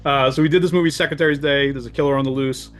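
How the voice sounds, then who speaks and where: A man in his forties, a podcast guest and horror filmmaker, chatting casually and telling stories with animated laughter. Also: mid-range voice, racing.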